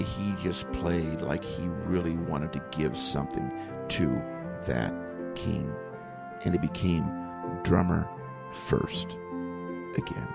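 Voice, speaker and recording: A man's voice: deep voice, gravelly. A middle-aged man hosting a podcast, talking earnestly and emotionally and circling back to the same phrases. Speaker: podcast host. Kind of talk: reflective solo podcast talk. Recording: music playing underneath.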